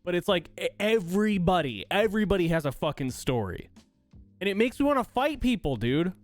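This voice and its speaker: A man's voice: sits high, big pitch swings, a little fast, soft background music. A man from the United States hosting a livestream, ranting in a heated, profane, exasperated way while reading and answering chat. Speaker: streamer host.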